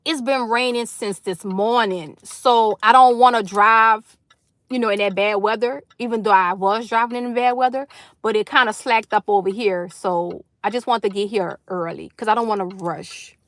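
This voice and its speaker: A woman with a medium-pitched, slightly bright voice livestreams casually from her car while waiting in a carpool line, speaking at a normal speed. She chats effusively with her viewers and greets them by name, with no room sound in the recording.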